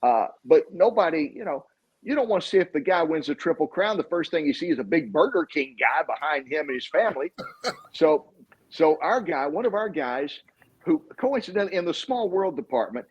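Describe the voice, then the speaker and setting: A sportscaster being interviewed, telling rambling anecdotes full of fillers. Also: male voice, fairly high pitch, slightly rough. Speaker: sportscaster guest. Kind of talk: casual interview storytelling. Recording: dull lo-fi recording.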